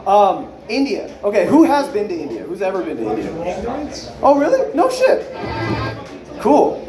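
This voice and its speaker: Rambling sweary stand-up guy, kinda high voice, echoey club. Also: huge pitch swings, moderate pace, music in the background. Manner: loose, rambling, swears a lot, acts out people's lines. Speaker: stand-up comedian. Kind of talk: unrehearsed stand-up set. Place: comedy club stage with a live audience. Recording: echoey club room with crowd. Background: audience laughter.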